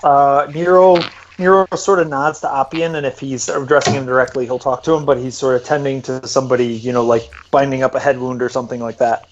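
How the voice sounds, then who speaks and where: A man's voice: medium pitch, steady tone, brisk, lo-fi sound, a little hiss or hum. A man playing a tabletop game, describing his character's actions with hesitant fillers. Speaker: player. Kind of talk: casual tabletop play.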